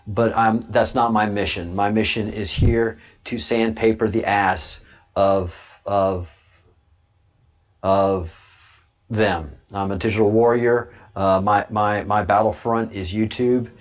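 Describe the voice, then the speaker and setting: A man hosting a livestream and answering chat, halting with many restarts, then repeating points slowly and with emphasis. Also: lowish voice, level tone, dull audio. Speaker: channel host.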